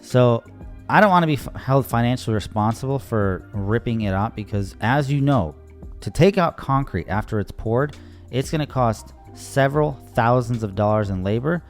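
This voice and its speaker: A man's voice: mid-range voice, expressive, normal speed, faint music behind. A young man, a landscaping contractor, casually telling an exasperating job story in voice-over and acting out the people he quotes. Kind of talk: voice-over narration over timelapse.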